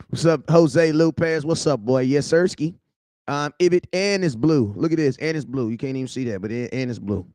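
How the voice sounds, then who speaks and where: A young man hosts a casual livestream, greeting viewers one by one in loose, slangy talk. His voice sits a bit high for a man, and the sound is close and dry with no room around it. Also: normal speed, no room sound. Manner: shouts out viewers by name, slangy and loud. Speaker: livestream host.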